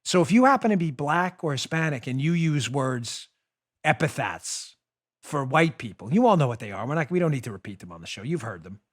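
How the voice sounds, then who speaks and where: A man hosting a political commentary show, talking in an animated, mocking, rant-like way into a studio microphone. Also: medium pitch, fairly quick. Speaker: show host.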